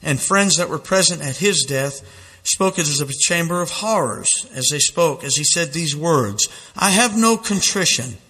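A man's voice: fairly high pitch, moderate pace, sharp tone, breathy edge, big-room sound. A man preaching a fiery sermon, dramatic and intense, reading quotations aloud with mounting feeling. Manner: dramatic, reads quotes aloud with rising intensity. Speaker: street preacher.

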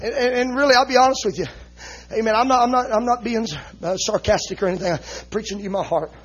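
A male preacher with a strikingly high, husky voice delivers an emotional sermon. He shouts in rhythmic bursts and tags nearly every line with "uh, amen." The intensity stays high and fervent. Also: fast, lo-fi sound. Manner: shouts rhythmic lines, punctuating each with "uh, amen". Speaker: visiting preacher.

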